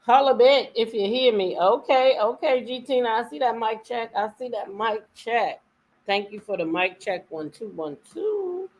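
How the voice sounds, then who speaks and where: A woman hosting a casual live stream, greeting her viewers by name and chatting with them, her voice a little hoarse. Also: on the high side, moderate pace. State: voice a bit hoarse. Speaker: livestream host.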